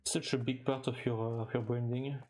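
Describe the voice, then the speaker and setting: A man's voice: medium pitch, level tone, a little mellow, faint music behind. A young man from France with a French accent, chatting casually with his viewers while he plays a game, often restarting his sentences and stumbling over fillers. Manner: halting, with frequent restarts and fillers, chuckling now and then. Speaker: streamer. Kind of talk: casual live-stream chat while gaming.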